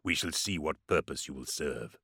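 A man voicing an ancient, solemn male psyker regent who speaks slowly and gravely in an audiobook. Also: a bass voice, lively intonation, sharp tone, no room sound, clean studio sound, pitched below the performer's own voice, exaggerated voice. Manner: slow, grave, intoning. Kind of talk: audiobook character voice.

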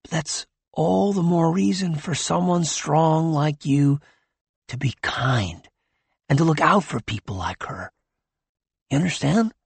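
A man doing a mellow hippie dad. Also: fairly high pitch, animated, unhurried, gravelly, slightly rough, dry recording, voice pushed up, full character voice. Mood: gentle coaxing. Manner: mellow slang, says "man" often. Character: laid-back gentle hippie father, kind.

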